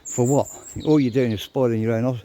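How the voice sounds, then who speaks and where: An older man rants bluntly to his viewers, swearing as he goes and audibly short of breath. His voice is dark and mellow, with a faint outdoor hum of birds and country air behind him. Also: medium pitch, steady tone, a little fast. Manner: blunt, swears freely, grumbling. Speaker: vlogger. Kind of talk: casual ranting monologue.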